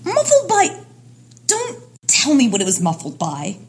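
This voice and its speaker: A woman's voice: high voice, huge pitch swings, a little slow, slight background noise, full character voice. A woman voicing a bubbly, teasing young woman magician in a fan audio drama, chirpy and playful. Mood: excited.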